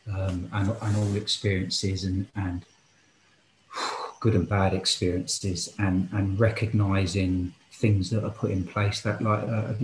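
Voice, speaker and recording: A man's voice: deep voice, a little hiss or hum. A man who coaches football and futsal, talking earnestly and with passion as a guest in a casual podcast interview, thinking aloud as he goes. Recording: roomy echo.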